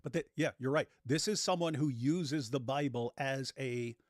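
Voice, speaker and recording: A man's voice: mid-range voice, moderate pace, no room sound, studio quality. A man hosting a casual reaction show, explaining and mocking the clips he plays. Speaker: host.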